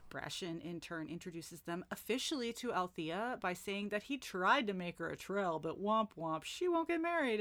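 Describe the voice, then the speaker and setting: A woman's voice: on the low side, fairly bright tone. A woman recapping a book chapter for friends in a casual, joking way, with wry asides. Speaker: book podcast host.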